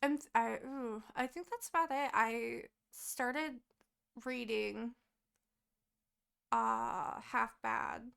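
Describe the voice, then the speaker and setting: A young woman co-hosts a casual podcast, rambling and swearing as she catches up on her week. Her voice sits fairly high and carries a gravelly fry. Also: fairly even intonation, extremely slow, a bit bright. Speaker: podcast co-host. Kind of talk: casual chat.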